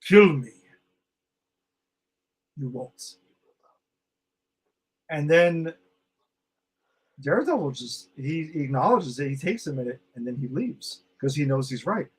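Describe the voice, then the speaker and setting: A man co-hosting a podcast, excitedly reviewing a TV episode in casual chat, swearing freely and acting out quoted lines. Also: a little high, moderate pace, husky. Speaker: podcast co-host.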